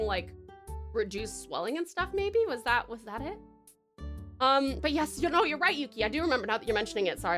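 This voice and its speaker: Bubbly woman streamer, bright and lively voice, rambling chat with faint music underneath. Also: a little high. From Tasmania, Australia. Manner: chatty, rambling, bubbly, frequent giggles. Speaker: VTuber streamer. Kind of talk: late-night livestream chat, reading chat.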